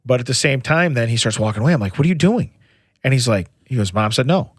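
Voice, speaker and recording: A man's voice: mid-range voice, lively intonation, fast, slightly rough, no room sound, clean studio sound. A middle-aged man co-hosting a podcast, telling a long family story in casual chat with many restarts and "you know"s. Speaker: podcast co-host.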